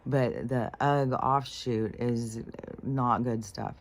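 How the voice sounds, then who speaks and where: A woman's voice: very deep voice, steady tone, slow pace, slight background noise. A woman vlogging about her day, rambling and irritated, swearing freely with lots of fillers. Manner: irritated, frustrated. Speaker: spiritual vlogger. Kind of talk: casual venting monologue.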